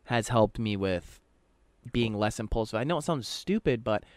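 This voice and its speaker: A man's voice: fairly low pitch, animated, moderate pace, darkish tone, no echo. A man co-hosting a podcast, talking in a rambling, casual way and swearing often. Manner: rambling, swears often, quotes others in his own voice. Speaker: podcast co-host.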